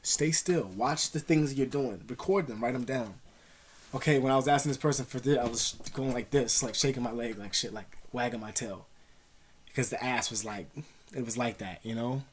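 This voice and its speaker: A man's voice: mid-range voice, moderate pace, slightly rough. A man vlogging casual advice, rambling in profane street slang with many fillers.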